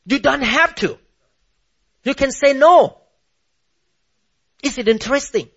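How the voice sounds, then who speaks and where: A man with a high voice preaches with heavy emphasis, firing rhetorical questions and spelling key words out letter by letter. The sermon comes through a muffled, low-fidelity recording. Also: takes it slowly, vocal fry, a bit bright. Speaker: pastor.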